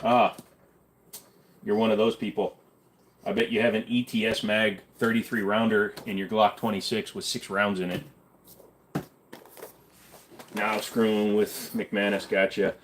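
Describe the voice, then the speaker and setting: A man's voice: on the low side, flat delivery, normal speed, slight background noise. A man hosting a casual livestream and answering chat in a blunt, offhand way, swearing now and then. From Canada. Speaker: livestream host reading chat.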